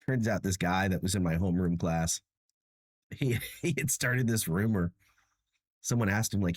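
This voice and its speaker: A man's voice: on the low side, normal speed, no echo. A tired young man hosting a livestream, chatting casually with viewers in a self-mocking way and laughing often. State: tired and achy. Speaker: livestream host.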